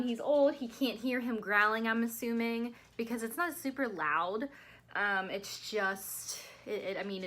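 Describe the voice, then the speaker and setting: A woman's voice: fairly high pitch, sharp tone. A young woman telling a rambling, chatty story-time vlog, sounding tired and full of fillers. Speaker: vlogger.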